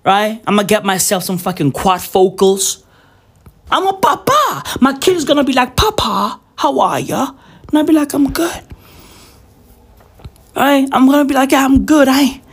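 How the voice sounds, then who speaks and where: Brisk and very high-pitched, a young man films a New Year vlog at home. It's a profane, wandering, mock-serious rant aimed at the camera and studded with slang.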